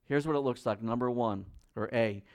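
A pastor preaching a sermon. He asks the congregation direct questions, and his voice swings between loud emphasis and quiet, low asides. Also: moderate pace.

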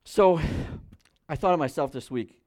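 Man, pastor, sermon, fairly high voice, emphatic, quiet low asides, direct questions to the congregation. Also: moderate pace. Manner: emphatic, swings between loud stresses and quiet low asides.

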